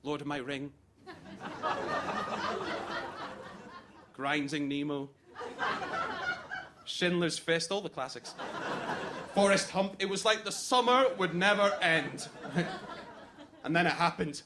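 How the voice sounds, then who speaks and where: A man's voice: on the high side, unhurried, pauses often, background noise, lightly acted. A man playing a jealous, crude best man. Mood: mocking. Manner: crude, mocking, jealous rant. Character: jealous, crude young male best man giving a wedding toast. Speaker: best man giving a wedding speech. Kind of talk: comic stage monologue.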